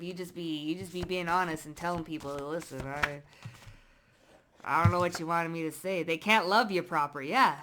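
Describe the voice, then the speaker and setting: A woman talks through a tarot reading in a loose, unscripted monologue. She is blunt and slangy, swears freely, and jumps from loud emphatic outbursts to low muttered asides. Her voice sits at an average pitch for a woman. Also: slight background noise. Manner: swings between loud bursts and muttered asides. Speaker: psychic tarot reader.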